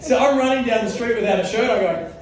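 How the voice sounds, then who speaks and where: On stage in a large hall before a live audience, a thirtysomething Australian man gives a comic keynote, laughing often and doing voices in his stories. His voice is very high and fast, and the rough recording is very echoey and distant from the mic, with crowd noise.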